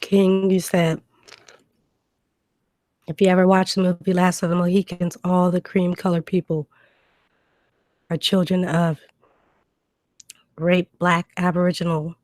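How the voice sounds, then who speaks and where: A woman with a fairly low voice hosts a casual livestream from home, reading viewer questions aloud and answering them. She talks loosely with ums and restarts, a cough drop in her mouth. Her new desk mic gives a close, dry sound. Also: darkish tone, dry recording. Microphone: new desk microphone.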